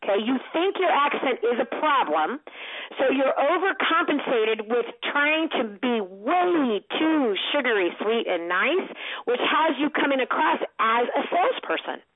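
A woman with a high, husky voice coaching a trainee. She is direct and encouraging, and she laughs often. The sound comes through a thin, phone-like line. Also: sing-song, a little slow, dry recording. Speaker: sales coach. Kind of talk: coaching feedback.

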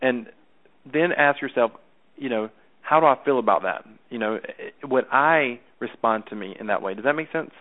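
This sales coach speaks at a normal speed in an animated, mid-range male voice. Coaching someone by phone, he's chatty, frequently repeats points, and makes sure the listener follows, all heard through a tinny line.

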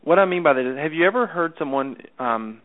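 A man's voice: on the high side, expressive, fairly quick. A man coaching someone over the phone in a chatty way, often repeating himself and checking that he is understood. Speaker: sales coach. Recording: tinny phone line.

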